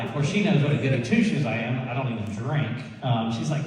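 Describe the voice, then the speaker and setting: A man telling a lively personal story to an audience, laughing and acting out the people he quotes. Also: mid-range voice, fairly quick, crowd noise. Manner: animated, laughing storyteller who acts out quotes. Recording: echoey hall, mic far off.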